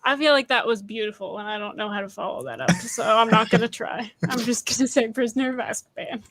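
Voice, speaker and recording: A woman's voice: fairly high pitch, fairly even intonation, fast talker, a bit bright. A woman hosting a podcast panel, easygoing and casual, restarting her sentences. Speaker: podcast host.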